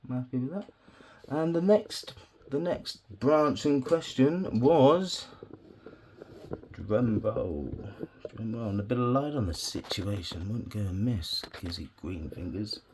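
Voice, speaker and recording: A man with a fairly low-pitched voice talks slowly to the camera as he wires a bonsai, with background noise present. This bonsai hobbyist vlogger chats casually while working, swearing often and talking to himself.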